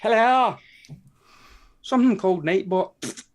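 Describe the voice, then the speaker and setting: Field: live-stream co-host. Sex: woman. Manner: chatty, swearing, lively pitch. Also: measured pace. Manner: chatty, laughing, swears freely. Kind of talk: live stream chat, reading out viewer names.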